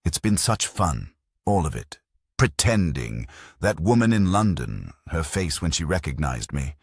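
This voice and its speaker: An unhinged young killer with a childish grudge gloats over his plans, as a narrator puts him on. The voice is very deep and husky, recorded dry and close. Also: big pitch swings, unhurried, no room sound, heavily acted. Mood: gleeful.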